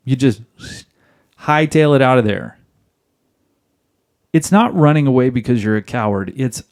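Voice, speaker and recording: A man with a mid-range, slightly mellow voice hosts a marriage advice podcast, speaking at a moderate pace with long pauses. He's very animated, emphatic and jokey, often playing both sides of a conversation himself.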